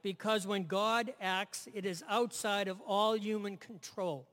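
Slow-preaching man in a reverberant hall. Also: high-pitched, steady tone, a bit bright. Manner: conversational, repeats phrases, asks "right?". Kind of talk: sermon.

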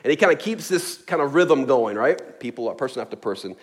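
A man's voice: medium pitch, expressive, a little fast. A man preaching a sermon in a casual, joking way, with chuckles, asides and many fillers. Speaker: pastor.

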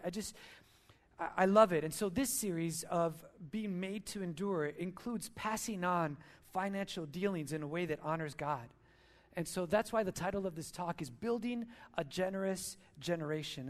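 A man giving a sermon at church, telling stories in an earnest, heartfelt way. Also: high-pitched. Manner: earnest, storytelling. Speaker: church speaker.

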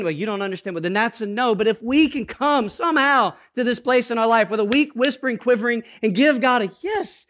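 A man preaching a sermon, moving from quiet, intimate passages to emphatic, rising calls to the congregation. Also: very high-pitched. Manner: dynamic preaching, swings from hushed to emphatic. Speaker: pastor.

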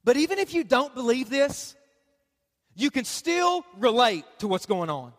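A man preaching as a pastor, lively and conversational, often putting on the voices of the people he quotes. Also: very high voice, unhurried, long reverb tail. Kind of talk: sermon. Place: church.

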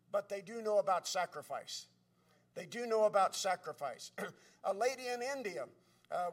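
High-pitched guy preaching a sermon, lots of uh's and restarts, mic kinda far off. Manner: halting, with frequent "uh"s and restarts; swings between soft and loud. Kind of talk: sermon storytelling. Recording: distant from the mic.

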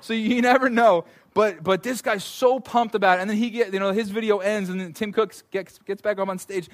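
A male pastor preaching a conversational, animated sermon, often repeating words as he goes. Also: high voice, brisk.

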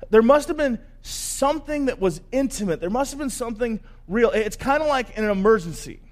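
A man pastor giving a sermon, telling the story in a conversational, animated way. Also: extremely high pitch, fairly quick.

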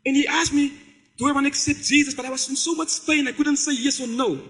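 High-voiced man preaching in a hall. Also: steady tone, quick pace, fairly bright tone. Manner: storytelling, conversational preaching with quoted dialogue. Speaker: pastor. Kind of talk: sermon.

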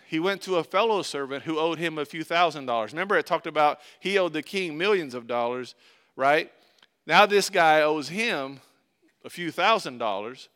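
Bright-voiced male pastor preaching. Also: a little high, clean tone. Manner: earnest, rises loud for story then drops soft. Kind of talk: sermon.

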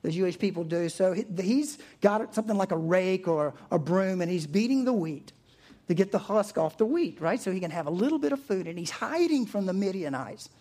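Man, pastor, sermon, lively storyteller, acts out quotes, chuckles. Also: high voice.

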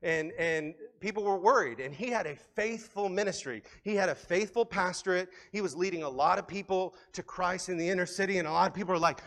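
A man preaching a sermon in a conversational, animated way, often restarting his phrases. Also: high voice, brisk, few pauses. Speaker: pastor.

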